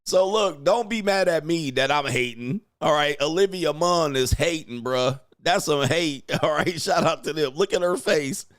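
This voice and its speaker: A man's voice: fairly high pitch, normal speed, few pauses, a bit bright, no room sound, studio quality. A man hosting a casual reaction commentary show, brash and mocking, laughing often and talking in slang.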